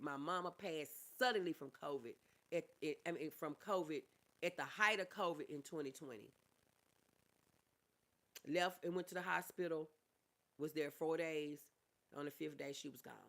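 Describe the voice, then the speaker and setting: A middle-aged woman on a casual livestream who reads viewer comments aloud, calls her viewers honey and y'all, and speaks openly and softly about grief. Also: low-pitched. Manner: talks openly about grief, softening and trailing off.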